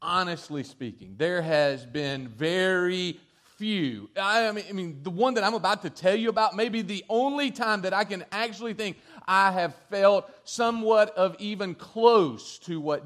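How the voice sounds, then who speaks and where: Slow, high-voiced preaching man. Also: fairly bright tone. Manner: earnest, halting, restarts phrases. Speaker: pastor. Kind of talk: sermon.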